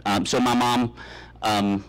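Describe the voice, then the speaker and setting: A man in his thirties giving a humorous commencement speech, telling deadpan tall tales with many ums and uhs. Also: lowish voice, takes it slowly, clean tone, poor audio. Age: 30s. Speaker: commencement speaker. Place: graduation ceremony, speaking to an audience.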